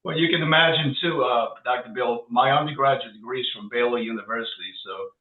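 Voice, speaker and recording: A man's voice: medium pitch, a little fast. Man, New Orleans accent, tinny phone-like line, roomy echo, speaking from a distance. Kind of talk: live Q&A webinar. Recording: distant tinny call audio in echoey room.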